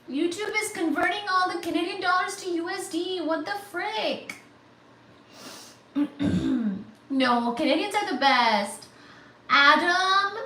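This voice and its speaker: A woman hosting a casual livestream, chatting with viewers and thanking them for super chats in a bubbly, excitable way. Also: high voice. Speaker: livestream host. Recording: roomy, distant, faint static hiss.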